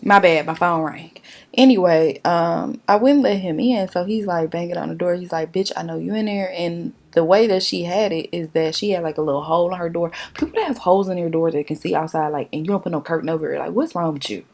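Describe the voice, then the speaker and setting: A woman beauty vlogger chatting casually through a makeup tutorial, telling a story in a lively, profane way straight to her viewers. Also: lowish voice, brisk.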